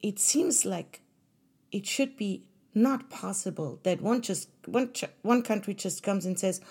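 A woman's voice: medium pitch, expressive, unhurried, dark tone, slightly rough. A woman hosting her own podcast, talking earnestly and conversationally to listeners, with fillers and restarts. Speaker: podcast host. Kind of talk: solo podcast monologue.

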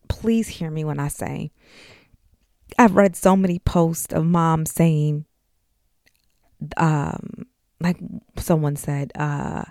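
A woman's voice: fairly low pitch, creaky, a little mellow, dry recording, clean studio sound. A woman in her forties hosting a podcast, talking frankly and emotionally straight to her listeners. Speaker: podcast host. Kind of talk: candid personal talk.

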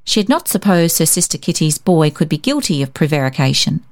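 A woman narrating a storybook in a gentle, measured, expressive manner. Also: low-pitched, dry recording, studio quality. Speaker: story reader.

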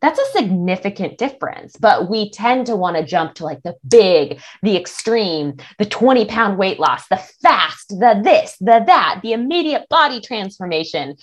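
A woman with a mid-range voice chats casually as a body image coach. She is animated and now and then acts out what her clients think to themselves. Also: medium pitch, moderate pace, hardly any pauses. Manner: animated, acts out quoted thoughts. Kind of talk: casual interview chat.

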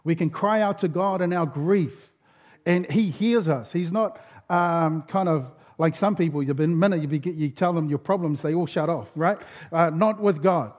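High-voiced pastor. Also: male voice, moderate pace, darkish tone. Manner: casual storytelling, many fillers and restarts. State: voice going. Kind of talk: sermon. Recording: dull lo-fi sound.

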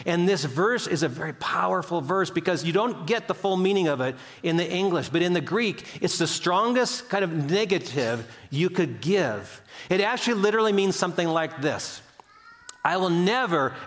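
An older man preaching a sermon, earnest and conversational, acting out quoted voices as he tells stories. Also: a bit bright. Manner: earnest, storytelling, acts out quotes with pitch swings. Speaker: pastor.

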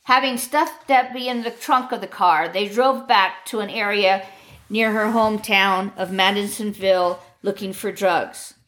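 A woman narrating a true crime story in a grave, measured reading voice. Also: medium pitch, fairly bright tone.

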